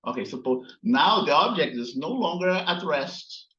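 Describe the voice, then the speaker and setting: A man teaching a physics class, slowly explaining while working on slides and often checking in with "right?". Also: on the high side, animated, sharp tone. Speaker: physics instructor. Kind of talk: recorded classroom lecture. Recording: echoey, dull lo-fi room sound.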